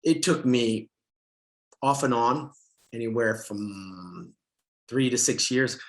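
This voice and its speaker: A man's voice: medium pitch, takes it slowly. A middle-aged man speaking at a summit, telling a frank personal story with self-mocking humor and frequent restarts. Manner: candid storytelling, laughs at himself, many restarts and fillers.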